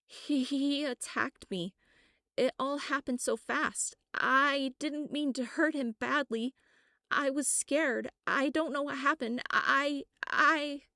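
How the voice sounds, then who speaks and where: A woman reading an audiobook, voicing a young female shapeshifter who talks in a shaky, breathless, high-strung way. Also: steady tone, slow, bright, forceful tone, dry recording, clean studio sound, full character voice. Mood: panicked. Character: frightened then bitter young woman shapeshifter.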